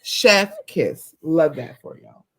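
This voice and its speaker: A woman co-hosting a show in casual chat, animated, sometimes breaking into loud excited yelling. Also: sits low, slow. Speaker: co-host.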